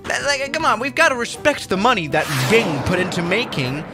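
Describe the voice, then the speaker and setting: A man chatting excitably through a flight simulator livestream, often restarting his sentences. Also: high voice, a little fast, music in the background. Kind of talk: casual livestream commentary.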